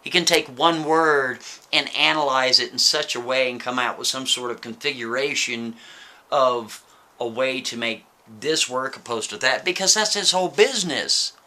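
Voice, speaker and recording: Bright-voiced man telling a story. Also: mid-range voice, steady tone, moderate pace. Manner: chatty, with frequent "right?" asides to the listener. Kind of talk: casual spoken storytelling.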